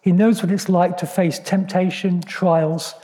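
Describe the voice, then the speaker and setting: A man's voice: high-pitched, fairly even intonation, unhurried, dark tone. Earnest male preacher in a reverberant hall. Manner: earnest, reflective, with frequent ums and restarts. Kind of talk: sermon.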